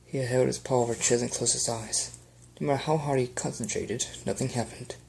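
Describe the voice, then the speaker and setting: A man's voice: medium pitch, steady tone, a little fast, vocal fry, darkish tone, a little hiss or hum. A man earnestly reading fan fiction aloud as an amateur audiobook, with small slips.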